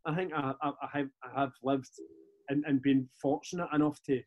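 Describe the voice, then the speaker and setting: A Scottish man in his forties, a podcast guest telling stories in a lively, casual way, swearing freely and restarting his sentences. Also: mid-range voice, a little fast, narrow, tinny audio. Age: 40s. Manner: animated, swears freely, repeats words on restarts. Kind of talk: casual storytelling chat.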